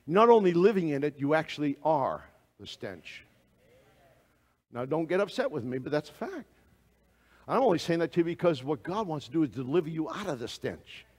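A man preaching a sermon to a congregation, asking them direct questions and swinging between loud exclamations and hushed asides. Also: a little high, very animated, moderate pace, in a large hall.

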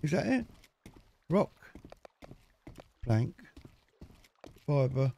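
A man's voice: a little high, big pitch swings, extremely slow, gravelly, dark tone, a little hiss or hum. A man chatting casually to himself as he plays a video game, joking and muttering along the way. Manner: chatty, jokey, talks to himself while playing. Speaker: gaming video host. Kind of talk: casual let's-play commentary.

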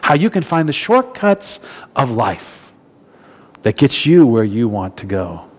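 A man's voice: mid-range voice, very animated, unhurried, long reverb tail. A man from New Jersey preaching a sermon, telling a story in a conversational way with frequent restarts. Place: church hall.

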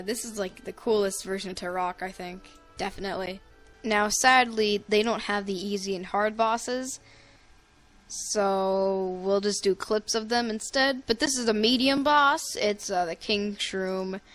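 A woman's voice: mid-range voice, a bit bright. A woman hosting a gaming video, giving casual, rambling commentary full of fillers and giggles.

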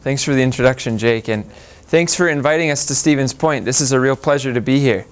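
Smooth-voiced male guest lecturer. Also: mid-range voice, brisk. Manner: friendly, gracious opening remarks. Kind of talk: academic talk.

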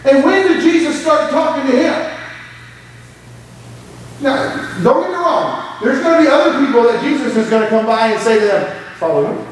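A man's voice: very high-pitched, normal speed, a little hiss or hum. A man preaching a sermon as pastor, with rising emphasis and quoted asides. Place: church sanctuary. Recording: echoey church hall from far off.

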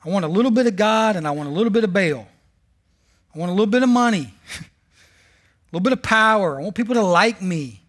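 A male pastor preaching a sermon, telling a Bible story with animated, sarcastic humor. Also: high voice, fast, pauses often. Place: church service.

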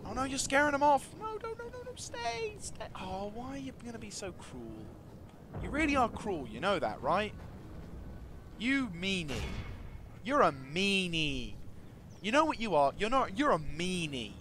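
A man giving casual commentary over a strategy game, talking to his units and swinging from quiet mumbles to excited shouts. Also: high voice, a little slow, noisy background. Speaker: gaming video host.

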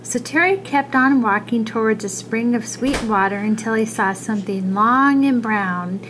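A woman reading a children's picture book aloud, expressive and adding little asides about the pictures. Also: a little high, moderate pace, a little hiss or hum, rough recording. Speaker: storybook reader.

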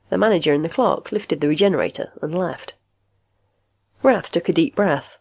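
A woman reads a story aloud in an even, measured voice. Her tone sits low and has a husky, breathy texture. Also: no room sound. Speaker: audiobook narrator. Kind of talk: scripted narration.

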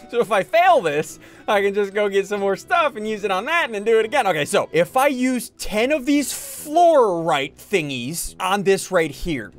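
Man, gaming host, excitable play-by-play, high voice, very lively pitch. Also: moderate pace, few pauses, faint music behind. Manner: excitable, narrates his own moves, yelps and shouts when panicking. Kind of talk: Minecraft let's-play commentary.

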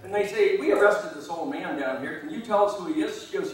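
A guest speaker at a meeting, a man with a high-pitched, animated voice talking a little fast, tells a long, rambling anecdote and chuckles at his own story. He's recorded from far off in an echoey meeting hall.

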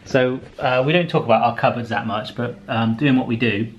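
A man's voice: medium pitch, a little fast, slight background noise. A man hosting a casual vlog, chatty and jokey. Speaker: vlog host.

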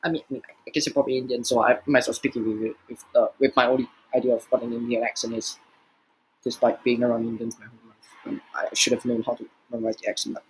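A man giving profane, exasperated reaction commentary, swearing often and jumping in pitch. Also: lively intonation, quick pace, sharp tone, low-quality recording. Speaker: reaction video host.

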